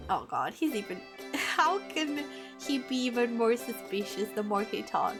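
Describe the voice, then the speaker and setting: A chatty woman streamer with a high voice, talking slowly through a game. She laughs often as she reacts, and game music plays behind her. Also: big pitch swings. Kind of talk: casual gameplay commentary.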